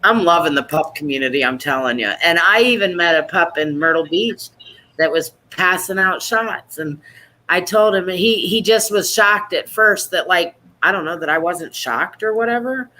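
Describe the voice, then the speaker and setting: A woman hosting a support group meeting online, chatting and teasing in a lively, casual way. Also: medium pitch, moderate pace, low-quality recording.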